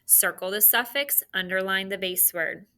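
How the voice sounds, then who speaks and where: A woman teacher dictating spelling sounds and words to students, with slow, clearly enunciated delivery. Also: mid-range voice, bright, forceful tone.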